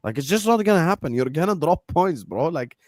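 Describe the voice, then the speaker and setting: A man's voice: fairly high pitch, very animated, brisk, darkish tone, no echo, studio quality. A man in a heated casual football debate, teasing and needling the others. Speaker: football panel guest.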